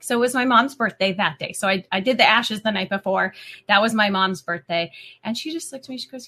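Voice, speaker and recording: Bright-voiced woman telling a story. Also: mid-range voice, fairly quick. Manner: chatty, emotional storytelling. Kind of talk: casual faith talk.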